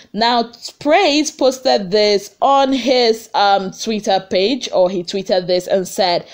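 A young woman with a Nigerian accent, chatting animatedly through celebrity gossip with rhetorical questions and pidgin asides. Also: on the high side. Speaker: entertainment gossip vlogger. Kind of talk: casual gossip commentary.

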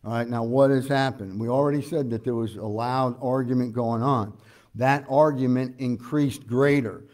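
A pastor delivers a verse-by-verse sermon in a warm, relaxed tone at an ordinary middle pitch. He talks to his congregation conversationally, often filling pauses with "uh" and putting questions to them. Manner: preaches conversationally with frequent "uh" fillers; explains scripture verse by verse, asking the congregation questions. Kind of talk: expository sermon.

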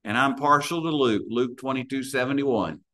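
A man's voice: medium pitch, moderate pace, bright, forceful tone. A man preaching a sermon, telling stories and acting out the voices in them. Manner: storytelling preacher, acts out voices in anecdotes.

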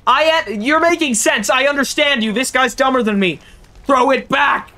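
Excitable streamer chatting with viewers. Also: high voice, brisk. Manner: excitable, chatty, talks to chat, reads game text aloud. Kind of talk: live gameplay commentary.

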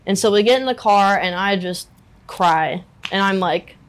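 Brief: young woman interviewee, mid-pitched, emotional, halting, heavy on filler words. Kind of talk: candid personal interview.

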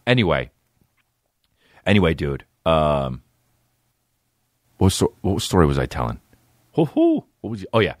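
A man's voice: extremely low pitch, expressive, moderate pace, long pauses, no room sound, clean studio sound. A man in his thirties hosting a comedy podcast, telling stories with constant swearing and acting out other voices. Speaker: podcast host. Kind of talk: profane comedic storytelling.

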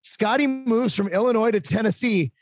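A talkative man in his forties, a podcast guest, telling animated, casual stories about parenting and sometimes swearing. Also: high-pitched, normal speed, a little hiss or hum. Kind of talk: casual storytelling.

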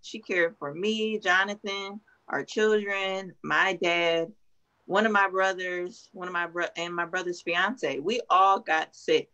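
A young woman on a video call, earnestly telling her story as an interview guest and often pausing with ums. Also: lowish voice, fairly even intonation, pushed and bright. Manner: earnest, hesitant with many ums. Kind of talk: emotional interview testimony.

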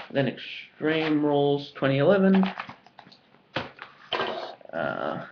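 A man's voice: on the high side, background noise. A young Australian man with an Australian accent, chatting casually and enthusiastically through an unboxing video, rambling with lots of fillers. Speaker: vlogger. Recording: dull lo-fi home recording.

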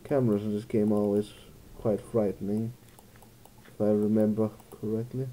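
Very dark-voiced man thinking aloud. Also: on the low side, flat delivery, moderate pace. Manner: musing, thinking aloud, jokey asides. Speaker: let's play gamer. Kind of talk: casual gameplay commentary.

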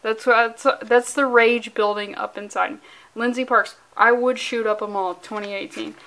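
A woman's voice: fairly high pitch, fairly even intonation, moderate pace, fairly bright tone. A woman vlogging about comic books in a casual, mock-angry, profane and rambling way. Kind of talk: casual comic review vlog.

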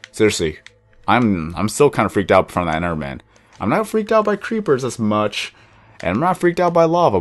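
A young man casually commenting while he plays a block-building game, rambling and chatty, sometimes cooing at his pet dog. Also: on the low side. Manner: rambling, chatty, self-described monotone when calm. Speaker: gaming YouTuber.

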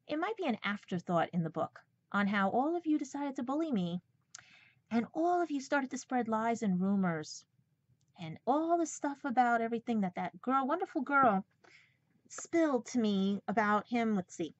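A woman's voice: on the high side, expressive, moderate pace, dry recording. A woman ranting confrontationally in a personal vlog, repeatedly calling out her viewers as "guys.". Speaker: vlogger. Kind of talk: angry personal vlog rant. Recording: dull lo-fi dry sound.

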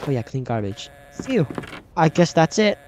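A man's voice: fairly high pitch, sing-song, moderate pace, a little mellow, slight background noise. A man commenting chattily as he plays a horror game, reading its dialogue aloud. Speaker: gaming channel host. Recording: slightly dull game recording with faint music.

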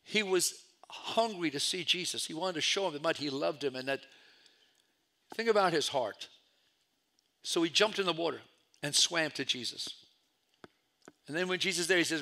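A middle-aged pastor with a high-pitched voice preaches a storytelling sermon, swinging between loud calls and hushed asides.

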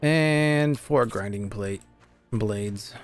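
A man's voice: fairly low pitch, extremely slow, soft background music. A young man streamer chatting casually and cursing freely while playing a game and talking to his viewers. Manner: chatty, profane, talks to chat. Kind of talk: casual live gameplay commentary.

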